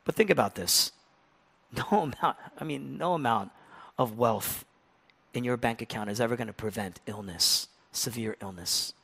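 A man preaching a sermon with a rhetorical, repetitive cadence. He drops to hushed, near-whispered lines, then builds to loud, impassioned passages. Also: medium pitch, moderate pace, creaky, breathy edge. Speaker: pastor.

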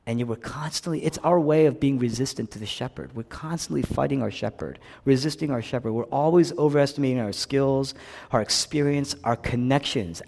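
Pastor, male, raised-pitch voice, delivering a dynamic sermon in a reverberant church hall; rises to loud emphasis, then drops to near-whispers. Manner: dynamic, swings between loud emphasis and hushed low lines. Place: church sanctuary.

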